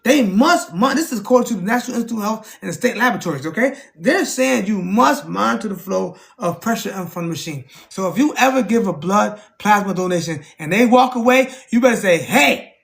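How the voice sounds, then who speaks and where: Man, livestream chat talk, gravelly voice, animated, keeps checking in with viewers. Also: a little fast, few pauses. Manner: animated, repeats "you know what I'm saying", jumps high when quoting. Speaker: streamer.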